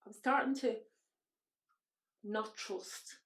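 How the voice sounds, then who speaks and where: A woman's voice: mid-range voice, drawn-out words, a bit bright, roomy sound. An Irish woman, a podcast guest, recounting her own story bluntly and emotionally, with frank swearing. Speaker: interview guest. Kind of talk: personal storytelling in a podcast interview.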